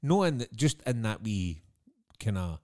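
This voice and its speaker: A man's voice: on the low side, very animated, measured pace, mellow. A Scottish man in his thirties, co-hosting a podcast and telling stories in casual chat, laughing often. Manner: chatty storyteller, laughs often. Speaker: podcast co-host.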